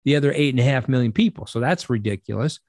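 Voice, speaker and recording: Speaking fast in a mid-range, darkish voice, this middle-aged interview guest swaps stories casually and doesn't mince words, swearing freely and imitating the people he quotes. The audio is dry and studio-clean.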